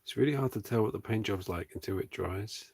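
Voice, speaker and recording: A man chatting casually and softly with viewers on a livestream while he paints a model. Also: lowish voice, fairly quick, creaky, breathy edge. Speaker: streamer and miniature sculptor.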